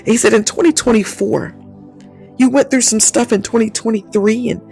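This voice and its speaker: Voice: medium pitch, steady tone, moderate pace, creaky, darkish tone. A prayer leader fervently interceding, repeating invocations, breaking into tongues and speaking prophetic words over one listener. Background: faint music.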